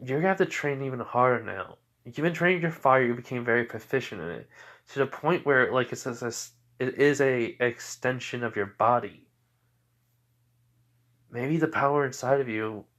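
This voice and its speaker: A man's voice: medium pitch, fairly bright tone, natural voice. Man doing stern lady teacher, firm, lecturing, plain voice.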